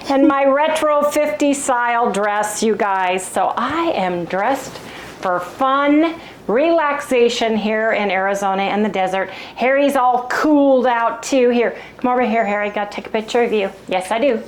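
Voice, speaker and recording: A woman's voice: fairly high pitch, measured pace, a little hiss or hum. A middle-aged woman chatting casually and cheerfully to her viewers in a home vlog. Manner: chatty, upbeat, keeps saying "you guys". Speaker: vlogger. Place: at home, then in a restaurant.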